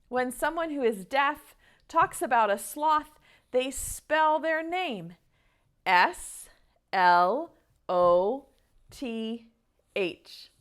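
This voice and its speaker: A woman with a high-pitched voice teaches an online preschool lesson to small children. She speaks gently and encouragingly and sings slow children's songs.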